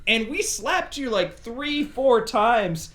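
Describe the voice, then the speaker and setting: A man's voice: very high voice, lively intonation, takes it slowly, a bit bright. A man co-hosting a podcast, casually telling stories among friends and acting out their voices. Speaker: podcast co-host.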